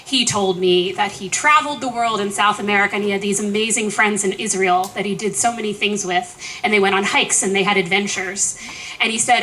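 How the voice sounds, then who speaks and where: A woman in her forties telling a lively, self-deprecating personal story at a memorial. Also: medium pitch, brisk, poor audio. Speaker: eulogist.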